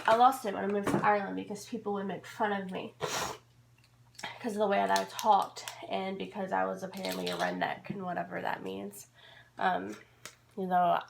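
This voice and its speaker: A woman's voice: mid-range voice, gravelly. Bubbly young woman rambling while she bakes, self-mocking, noisy home recording with clicks. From Georgia, USA. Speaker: vlogger. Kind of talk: casual chat while baking.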